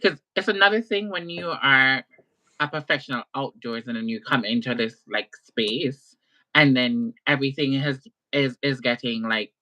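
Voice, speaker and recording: A woman guest in a casual livestream chat, with a deep, husky voice, talking candidly in a rambling way full of fillers. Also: normal speed, pushed and bright, muffled recording.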